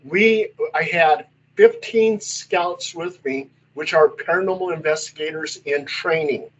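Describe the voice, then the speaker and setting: A male paranormal investigator telling stories in casual chat, animated and acting out the voices in them. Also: a little high, a little slow, lo-fi sound. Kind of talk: casual storytelling.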